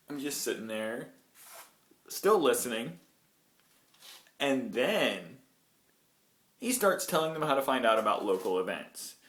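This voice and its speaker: A man telling a true story on his vlog in an animated, digressive way. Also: mid-range voice, drawn-out words, pauses often. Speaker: vlogger. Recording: roomy echo.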